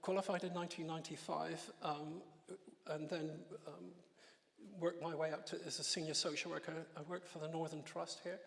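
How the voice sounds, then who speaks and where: A man in his sixties giving his testimony in church, telling an emotional story with halting restarts and soft laughs. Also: on the high side, flat delivery, vocal fry, big-room sound. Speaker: guest speaker giving testimony. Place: church hall.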